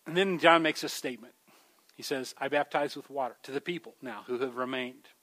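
A man's voice: mid-range voice, brisk, sharp tone. A man preaching a sermon in a conversational way, calling his listeners folks and growing more emphatic as he urges them. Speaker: pastor.

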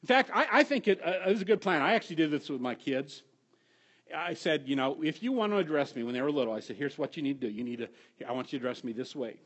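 A middle-aged man preaching a sermon with a somewhat high voice. He tells stories with animated swings, dropping to a hush and then rising to loud, emphatic peaks. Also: fast. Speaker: pastor.

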